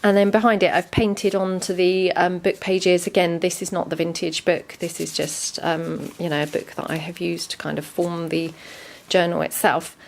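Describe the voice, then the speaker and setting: A woman casually walking through a handmade junk journal, chatty and relaxed with frequent ums. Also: fairly low pitch, normal speed, gravelly, hardly any pauses. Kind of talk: casual show-and-tell narration.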